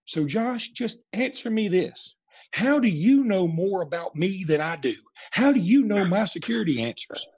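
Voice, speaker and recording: A man playing his irritable older father, yelling indignantly into the phone in a husky, raised voice. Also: high-pitched, expressive, moderate pace, voice pushed up, heavily acted. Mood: peeved.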